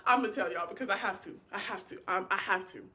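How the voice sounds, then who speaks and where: This Bible teacher, a woman of medium pitch, speaks fast in an informal study session. She is fervent and animated, dramatizing prayers and dialogue, and chats with her listeners colloquially, calling them "y'all."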